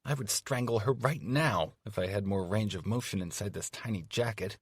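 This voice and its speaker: Male audiobook reader, very low voice, dry booth, wry first-person storytelling. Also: normal speed, husky, dry recording. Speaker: audiobook narrator. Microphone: studio microphone.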